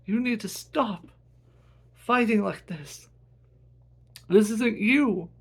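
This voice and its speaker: A man's voice: high voice, slow pace, slightly rough, pitched above the performer's own voice, heavily acted. A man voicing an earnest young brother who pleads urgently and with emphasis. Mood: pleading.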